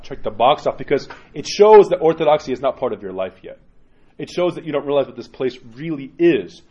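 A man preaches as an Orthodox priest in an informal, conversational way, often checking in with his listeners. His voice sits at a middle pitch. The recording sounds a little dull and muffled. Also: expressive, fairly quick, warm tone, slightly rough. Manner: conversational and direct, many tag questions, acts out quoted parishioners. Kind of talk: informal homily to a congregation.

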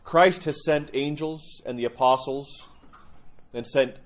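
A man voicing a humble dying old monk, speaking quietly, simply and earnestly. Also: fairly high pitch, slow pace, voice pushed up.

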